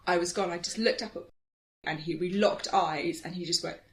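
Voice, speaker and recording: A woman's voice: fairly low pitch, steady tone, normal speed. A young woman co-hosting a podcast, telling rambling stories and giggling. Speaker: podcast co-host. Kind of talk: casual chat.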